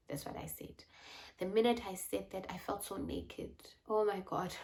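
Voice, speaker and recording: A woman's voice: medium pitch, normal speed, creaky. Candid woman vlogger. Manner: candid, reflective, animated in retold asides. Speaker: faith and lifestyle vlogger. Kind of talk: personal storytelling talk.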